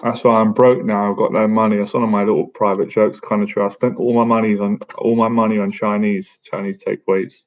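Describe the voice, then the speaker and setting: A man's voice: on the low side, little pitch movement, a little fast, few pauses. A man in his thirties hosting a casual live-stream Q&A, chatty and jokey, often tacking "man" onto his sentences. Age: 30s. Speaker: boxing coach and livestream host. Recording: dull lo-fi stream audio.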